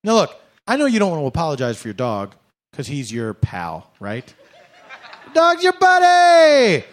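A man's voice: mid-range voice, sing-song, a little fast. A man doing a comic monologue, sarcastic and mock-formal, often laughing as he talks. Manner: laughs through his words. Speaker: comedian.

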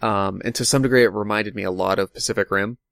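A man's voice: on the low side, fairly even intonation, fast, gravelly, fairly bright tone, no room sound, studio quality. A man discussing a movie in casual chat, rambling and thinking aloud with lots of fillers.

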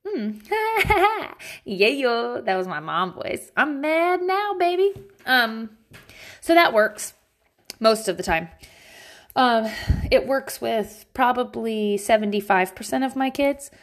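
A mom vlogging from home, speaking straight to her viewers in loose, unscripted talk. She is blunt and salty with her language, drops in plenty of "um"s, and her pitch jumps up and down with animated emphasis. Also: slow. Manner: blunt and profane, frequent swearing and "um" fillers; animated, jumps between high and low pitch. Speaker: parent vlogging about teaching her kids at home. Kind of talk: casual, candid advice talk to viewers.

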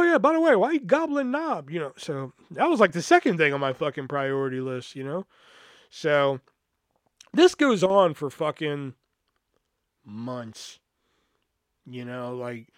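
A man's voice: a little high, fairly bright tone, no room sound, clean studio sound. A man hosting a podcast, telling a personal story in a rambling, profane, casual way full of fillers. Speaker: podcast host.

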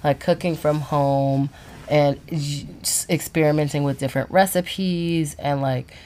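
A woman co-hosting a casual podcast chat, expressive and given to dramatic exclamations. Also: low-pitched, unhurried. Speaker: podcast co-host.

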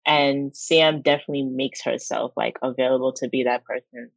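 A woman's voice: rumbling low, steady tone, moderate pace, creaky, dry recording, poor audio. A woman co-hosting a podcast, giving a heartfelt, rambling tribute to a friend with many fillers. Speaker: podcast co-host.

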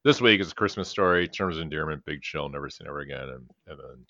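A man's voice: extremely low pitch, fast, a crowd in the background. A middle-aged man co-hosting a podcast, rambling casually and swearing as he goes over box-office charts. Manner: rambling, swears casually, talks while eating. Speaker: podcast co-host. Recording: dull, lo-fi dry podcast audio.

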